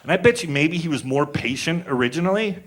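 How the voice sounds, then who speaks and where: A man's voice: on the high side, lively intonation, fast, fairly bright tone. Laid-back man telling stand-up stories. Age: 40s. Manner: rambling, crude, laid-back storytelling with filler words. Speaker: stand-up comedian. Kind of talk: stand-up comedy storytelling.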